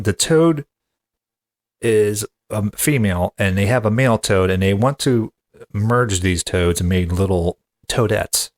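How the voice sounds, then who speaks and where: Male comedy podcast host, lower voice, casual rambling delivery with exasperated asides.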